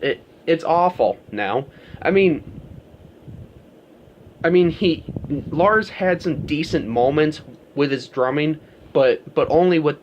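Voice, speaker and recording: A man's voice: medium pitch, a little hiss or hum. A man talking straight to his viewers in a casual, rambling rant, swearing often and filling his talk with "like" and "you know.". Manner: profane, rambling, heavy on fillers. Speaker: vlogger. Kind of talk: casual ranting monologue.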